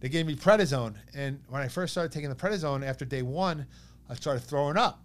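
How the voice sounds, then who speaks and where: A man in his thirties with a New York accent, telling a personal story as a podcast guest in an animated way, acting out what others said. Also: a little high, a little fast. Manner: animated, quotes others in lively bursts.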